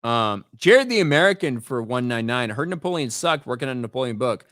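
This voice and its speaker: A man's voice: medium pitch, sing-song, fairly quick, fairly bright tone, no room sound. A man hosting a live stream, talking in blunt, profane commentary and reading out names from his chat. He often stumbles and repeats words as he gets going. His voice sits in a middle range, and the recording is dry with no room sound. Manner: reads chat names and donations aloud. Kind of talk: casual livestream commentary.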